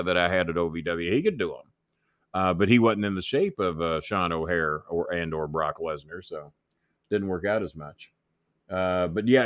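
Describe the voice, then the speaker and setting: Gravelly-toned man spinning crude stories. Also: deep voice, a bit bright, no echo. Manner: swears freely, acts out others' voices, laughs mid-story. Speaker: wrestling manager and commentator guest. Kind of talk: profane storytelling in an interview.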